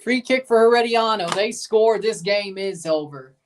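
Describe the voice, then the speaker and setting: A woman hosting a live football watchalong, talking at a middle pitch in a loose, casual way. She is opinionated and quick to judge each play. When something big happens on the pitch, she breaks into loud, excited shouts. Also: a little hiss or hum. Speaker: watchalong host. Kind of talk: live match reaction commentary.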